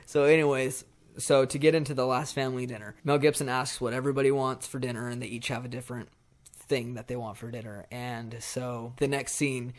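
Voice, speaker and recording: A young man in casual podcast chat, voice sitting at an ordinary middle pitch. He retells scenes with energy and jumps into the characters' lines as he goes. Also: a little fast. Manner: animated retelling, acts out movie lines. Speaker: podcast co-host.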